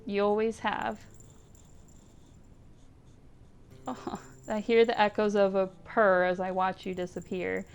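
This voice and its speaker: A woman reading as a grieving cat owner, gently pleading. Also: medium pitch, completely flat delivery, moderate pace, creaky, smooth, close to an everyday voice. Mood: sorrowful. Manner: soft, tender, pleading. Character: grieving woman saying goodbye to her old cat. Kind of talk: reading visual novel text aloud.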